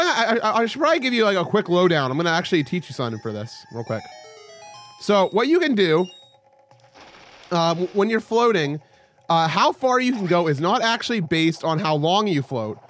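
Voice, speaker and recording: With faint music in the background, a young man's high-sitting voice moves at normal speed. He's a let's play host casually narrating his game, joking around and yelping excitedly at sudden moments.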